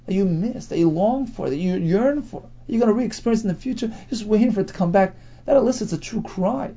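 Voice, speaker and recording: Gravelly man teaching Talmud. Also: sits high, dark tone, lo-fi sound. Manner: explains in English phrase by phrase, mixing in Hebrew terms. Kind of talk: Talmud class lecture.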